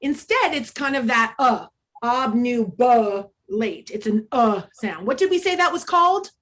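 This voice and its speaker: A woman's voice: sits high, very animated, normal speed, fairly bright tone. A woman presenting an interactive online workshop for teachers, speaking over a video call in an upbeat, chatty way with frequent ums. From United States.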